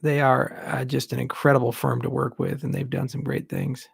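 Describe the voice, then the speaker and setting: Gravelly husky guy doing a live q&a, blunt, kinda rambly, dry room. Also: mid-range voice, wildly swooping pitch, moderate pace, no room sound. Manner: candid, blunt, rambling asides. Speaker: tech company founder answering questions. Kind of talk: livestream Q&A.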